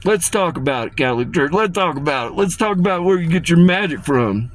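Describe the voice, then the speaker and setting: A man with a fairly high-pitched voice and lively intonation speaks a little fast, delivering a rambling, profane, and menacing rant to camera for his viewers, often repeating himself.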